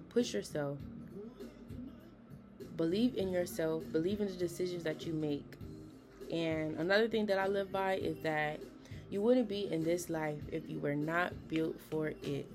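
A young woman hosting a podcast, chatty and emphatic, giving casual motivational talk with slangy asides. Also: on the low side. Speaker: podcast host.

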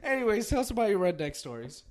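A man's voice: high-pitched, sing-song. A man co-hosting a podcast, chiming in with short agreements and jokes between laughs. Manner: quick agreeing interjections, laughing. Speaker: podcast co-host. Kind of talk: casual podcast banter.

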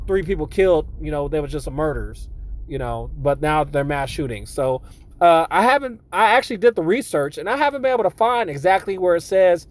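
A man's voice: on the high side, expressive, brisk. A man giving casual news commentary as a returning segment guest, talking with many fillers and restarts. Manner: hesitant, filler-heavy.

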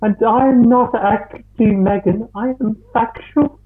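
A woman voicing a shrill, silly adult woman persona in a squeaky, sing-song, theatrical voice. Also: unhurried, slightly rough. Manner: theatrical, over-the-top. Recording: tinny phone-like line.

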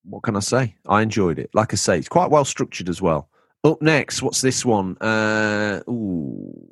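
Lively man hosting a podcast. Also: fairly low pitch, moderate pace, no room sound, studio quality. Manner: jokey, reads listener messages aloud. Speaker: podcast host. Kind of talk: casual podcast chat.

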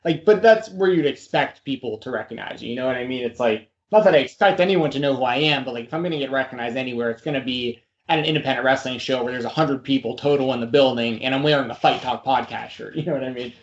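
A man's voice: mid-range voice, quick pace, few pauses. Laid-back American podcast host guy. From United States. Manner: laid-back, says dude and man a lot. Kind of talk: casual interview chat. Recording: roomy, dull lo-fi audio.

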